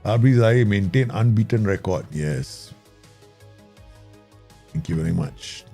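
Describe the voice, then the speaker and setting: A man talks his viewers through his football management game, excitable and quick to laugh. His voice is low, warm and gravelly. Faint game music plays under him. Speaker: gaming YouTuber. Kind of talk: Football Manager let's play commentary.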